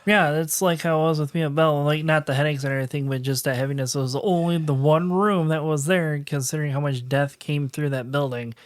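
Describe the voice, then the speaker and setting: A man's voice: on the high side, fairly even intonation, brisk, few pauses. Rambling man in casual chat. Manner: rambling, loose run-on sentences with fillers.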